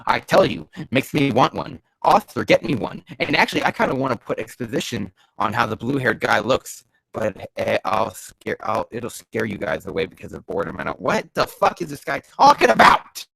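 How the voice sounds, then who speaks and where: A man reading bad fanfiction aloud for comedy, sarcastic and swearing, breaking off into loud bursts of disbelief. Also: fairly low pitch, animated, brisk, few pauses, no room sound, low-quality recording. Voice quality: gravelly.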